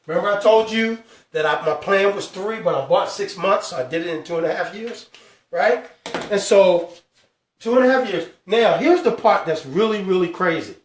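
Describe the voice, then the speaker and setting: A man hosting a live financial talk, stressing each number slowly and calling out to his viewers. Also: sits high, recorded from a distance. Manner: emphatic, drawn-out numbers, calls out to viewers. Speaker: host. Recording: echoey room, speaker away from mic.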